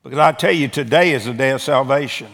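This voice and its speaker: A man's voice: medium pitch, fast talker, fairly bright tone. A man preaching an earnest altar-call sermon as pastor, pleading and repeating words as he restarts phrases. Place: church sanctuary. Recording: long hall reverb from church room.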